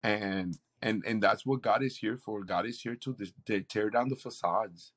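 A man's voice: on the low side, moderate pace, fairly bright tone. A man, a campus pastor, telling a faith story in an interview with an earnest, preacherly delivery. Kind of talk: interview testimony.

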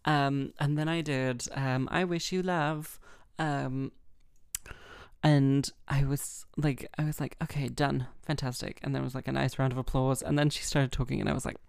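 A woman hosting a casual solo podcast, chatty and self-mocking, rambling with lots of fillers and a heavy vocal fry. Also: a bass voice, fairly even intonation, normal speed, darkish tone, no echo, studio quality. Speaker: harpist and podcast host.

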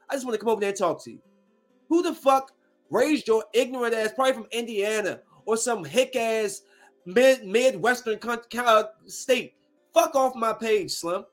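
A man in his thirties, a streamer, delivering a heated, profane, confrontational rant to his viewers. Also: very high voice. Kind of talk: angry rant to camera.

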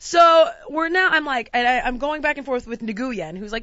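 Bright, animated woman telling a story. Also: moderate pace, few pauses, no echo, highs cut off. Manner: animated, acts out quotes with big pitch jumps and shouts. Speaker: podcast host. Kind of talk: casual storytelling chat.

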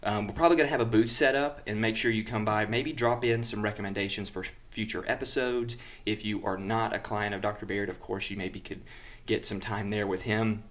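A man's voice: fairly low pitch, steady tone, a little fast, a bit bright. A man hosting a health podcast who teases his guest and delivers upbeat announcements. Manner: teasing reactions, upbeat promotional plugs. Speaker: podcast host. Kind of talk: casual podcast chat and show announcements.

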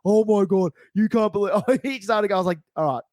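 A man's voice: sits high, a little fast, darkish tone, no echo. A man, co-hosting a podcast in casual banter. He tells stories playfully and acts out the quotes. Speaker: podcast co-host.

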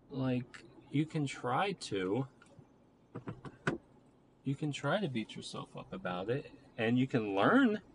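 A young man rambles through a personal story in a loose, filler-heavy way, often turning self-critical. His voice sits at an ordinary middle pitch. Steady vehicle noise runs behind him, as if he is recording in a car. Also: creaky.

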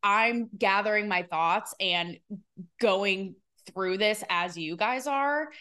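A woman hosts her own podcast alone, talking in a candid, loosely rambling way. Her voice sits at a middle pitch, and she is emotional, holding back tears as she talks. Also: slow pace, bright, forceful tone, smooth. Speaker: podcast host. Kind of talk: solo podcast commentary.

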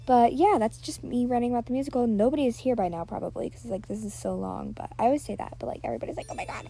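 On a built-in device mic, a teen girl runs her podcast in a rambling, filler-heavy style, full of "like" and digs at herself. Her voice is on the high side and gravelly, delivered rapid-fire over background noise.

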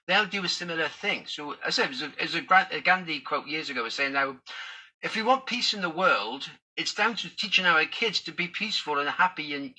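A man talks to his viewers in a loose, rambling way, thinking aloud as he goes. His voice sits high and sounds sharp and bright, with a husky edge. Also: poor audio. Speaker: vlogger. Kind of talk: casual talk to camera.

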